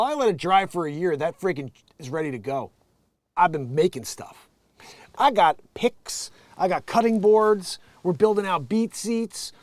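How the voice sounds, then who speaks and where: A man's voice: fairly high pitch, no echo. A man hosting his own show, ranting casually and sarcastically, rambling, laughing often and mocking people in put-on voices. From United States. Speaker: show host.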